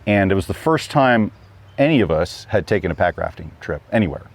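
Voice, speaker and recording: Low-voiced man chatting, rambling. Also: sing-song, a little fast. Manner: rambling, many fillers and restarts. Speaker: guest hiker. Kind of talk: casual chat.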